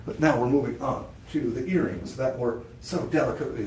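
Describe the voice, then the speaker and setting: A talkative male shopping host pitches jewelry on a live stream, wandering off into asides and cutting himself short. His voice sits at an ordinary middle pitch and rings with noticeable room echo from the studio set. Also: expressive, moderate pace, hardly any pauses, a little mellow, soft background music. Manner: rambling and chatty, with self-interruptions and laughs. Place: studio set with a TV screen behind.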